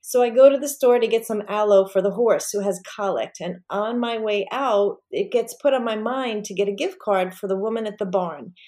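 A woman talking as a guest on a podcast, telling a personal story with real energy. She shifts into the voices of the people she quotes as she goes. Her pitch sits in a middle range for a woman. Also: moderate pace, hardly any pauses. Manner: animated, acts out quoted voices.

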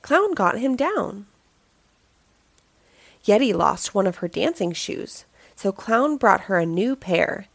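A woman reading a children's picture book aloud, telling the story in a slow, expressive way. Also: medium pitch, gravelly, dry recording.

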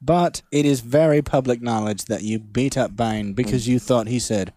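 A man's voice: mid-range voice, moderate pace, mellow, no room sound, studio quality. A young man co-hosting a comedy podcast, talking in a casual, swearing, laughing riff. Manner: laughing, swearing, riffing with bits of put-on voices. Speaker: podcast co-host. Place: small room at a podcast mic. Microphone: podcast microphone.

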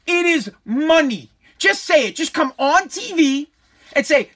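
A man tears into his subject in a fired-up, profanity-laced rant, circling back to the same points again and again. His voice has a forceful, tense edge. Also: very high voice, a little slow. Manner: heated, profane, repetitive. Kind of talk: angry rant.

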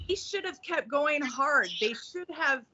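A woman's voice: sits high, expressive, a little slow, bright, forceful tone. A woman talking as a guest on a casual podcast, earnest and often restarting her sentences as she thinks. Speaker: guest, executive producer. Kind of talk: casual conversation. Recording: dull lo-fi recording.

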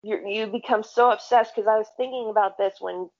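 A woman's voice: medium pitch, fairly even intonation, brisk. Blunt, profane woman telling stories. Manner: blunt, profane storytelling with quoted dialogue. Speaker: podcast co-host. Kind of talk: casual chat. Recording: dull lo-fi sound.

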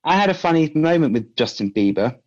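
A man's voice: on the high side, big pitch swings, brisk, dull audio. An English man, a guest in a casual chat, telling rambling stories and acting out what people said. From England. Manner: rambling storyteller, quotes people, laughs often.

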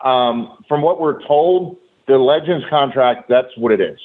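Male guest, casual profane storyteller, mid-pitched, heard through a tinny phone connection. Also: unhurried. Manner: loose, profane, with many fillers. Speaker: guest, former pro wrestler. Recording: tinny phone-line audio.

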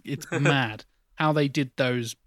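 A man's voice: mid-range voice, steady tone, slow pace, a bit bright, no echo, clean studio sound. A man co-hosting a podcast in casual chat, swearing freely and laughing often. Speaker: podcast co-host.

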